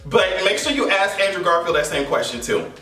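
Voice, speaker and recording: A man recapping a movie in a casual, animated way, swearing, joking and laughing as he goes. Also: high-pitched, brisk, distant mic. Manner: animated, profane and playful, laughing often. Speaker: movie reaction vlogger. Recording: echoey room, voice a bit off-mic, faint music.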